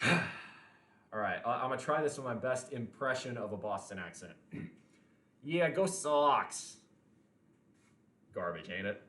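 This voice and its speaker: A man's voice: lowish voice, fairly bright tone. A young man hosting a casual livestream, rambling and chatting with viewers, with the odd swear word. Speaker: livestream host. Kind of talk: casual livestream chat, reading chat messages. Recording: roomy echo.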